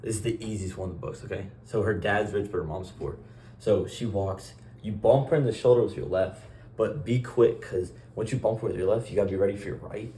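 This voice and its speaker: A young man in a casual vlog monologue, talking in a rambling, offhand, deadpan way and acting out short bits of dialogue. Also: fairly low pitch, fairly quick, a little hiss or hum. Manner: acts out short dialogue exchanges. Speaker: vlogger.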